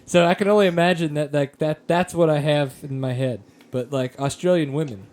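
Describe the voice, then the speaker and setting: A man's voice: a little high, fairly quick, darkish tone. An American man hosting a casual podcast, rambling and joking with plenty of fillers. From United States. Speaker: podcast host.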